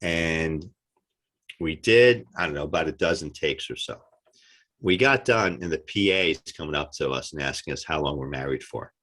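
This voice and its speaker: Deep-voiced animated male storyteller. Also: moderate pace. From United States. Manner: animated storyteller, acts out quotes. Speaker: actor guest. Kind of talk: casual interview chat.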